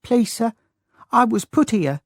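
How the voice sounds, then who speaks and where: A timid young girl, meek and respectful, answering every question with a soft "sir" in a high, small voice, as a male audiobook narrator puts her on. The sound is dry and close, with no room around it. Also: expressive, a little slow, dry recording, exaggerated voice. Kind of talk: audiobook character voice.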